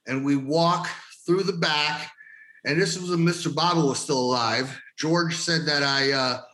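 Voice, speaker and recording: Casting: male wrestler guest, bright forceful tone, swearing storyteller, roomy echo. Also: on the high side. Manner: profane, laughing storyteller. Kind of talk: casual storytelling.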